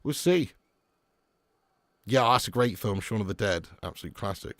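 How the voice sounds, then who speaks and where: A man's voice: on the low side, moderate pace, no echo, clean studio sound. Chatty man hosting a watch-along. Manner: chatty, reads out and answers viewer comments; bursts into loud excitement at match action. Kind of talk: live match watch-along chat.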